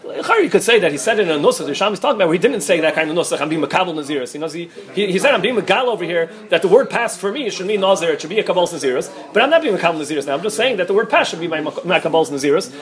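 Rapid-fire high-voiced rabbi teaching Talmud. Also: male voice, lively intonation. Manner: rapid, restarts often, mixes Hebrew-Aramaic terms. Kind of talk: quick Talmud study lecture.

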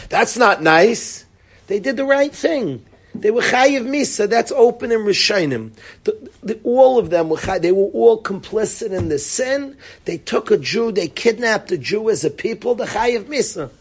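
A man teaching a Torah class, his voice high for a man and slightly husky, with pitch swinging widely as he goes. He speaks straight to his students by name, calls things fascinating again and again, and acts out the quoted lines until he is nearly shouting. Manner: enthusiastic, keeps calling things fascinating. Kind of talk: Torah class on the weekly portion.

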